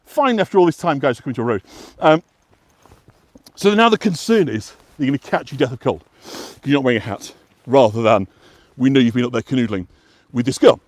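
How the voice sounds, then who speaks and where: A man's voice: medium pitch, animated, a little fast, no echo. A man from West Yorkshire chatting and explaining as he walks along an outdoor path, rambling with many fillers and restarts. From West Yorkshire, England. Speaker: walking guide and vlog host. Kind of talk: casual explanatory chat while walking.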